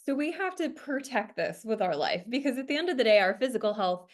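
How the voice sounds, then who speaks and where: A woman's voice: a little high, sing-song, brisk. A woman hosting a podcast interview, asking long and curious questions. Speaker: podcast host. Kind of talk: conversational interview.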